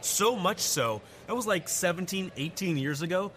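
A man in his forties, a pastor, telling a candid personal story with animated delivery during a church message. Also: sits high, moderate pace, slight background noise.

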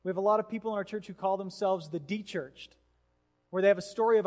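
A pastor preaching a sermon, telling a story with lively acted-out voices. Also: male voice, sits high, a little fast. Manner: animated storyteller, acts out voices. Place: church hall. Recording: hall reverb.

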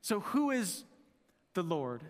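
A man's voice: high-pitched, big pitch swings, slow pace, long reverb tail. A man preaching a sermon as pastor, in a conversational manner, often asking the room rhetorical questions.

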